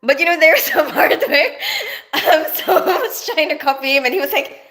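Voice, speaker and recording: A woman's voice: high voice, animated, fairly quick, pushed and bright. A woman from the Philippines, chatting casually on a livestream, reading out comments in a rambling way and laughing often. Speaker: nurse and livestream host reading viewer comments.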